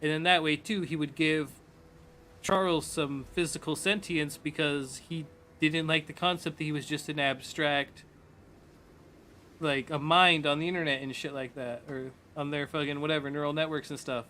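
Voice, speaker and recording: This man's voice is fairly high and bright, with fairly even intonation and a moderate pace, and a little hiss or hum sits under it. Chatting casually like a streamer, he rambles on at length, cursing freely and slipping into quotes as he retells a story.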